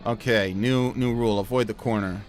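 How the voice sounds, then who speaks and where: A man's voice: medium pitch, steady tone, moderate pace, faint music behind. A young man giving casual, joking commentary over a video game he is playing. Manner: self-deprecating, joking, reads game lines aloud in silly voices. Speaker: gameplay commentator. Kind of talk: casual let's-play commentary.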